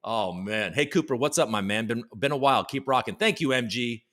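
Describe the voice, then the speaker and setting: A man's voice: medium pitch, brisk, fairly bright tone. A man hosting a casual live stream, joking around and greeting viewers in the chat by name. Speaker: livestream show host.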